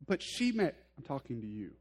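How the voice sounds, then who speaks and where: Brisk and very animated, a male pastor with a medium-pitched, darkish voice delivers an earnest, conversational sermon. He addresses his listeners directly and pokes fun at himself along the way.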